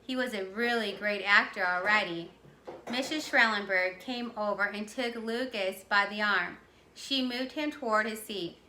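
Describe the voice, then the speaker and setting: A woman teacher reading a children's chapter book aloud with clear, expressive storytelling. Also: medium pitch, a little slow, reverberant, slight background noise. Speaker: teacher reading to her class.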